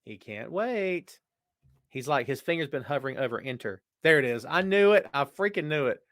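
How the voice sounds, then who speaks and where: A man hosting a live wrestling podcast, chatting casually and reading out viewer comments in an animated way. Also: fairly high pitch, normal speed, no room sound, clean studio sound. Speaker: podcast host. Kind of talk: live-chat wrestling talk.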